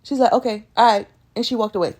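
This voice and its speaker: A woman's voice: a little high, fast. A woman telling a story in a casual, profane rant, acting out quoted lines in a raised voice. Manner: animated, profane, talks through quotes in raised voice.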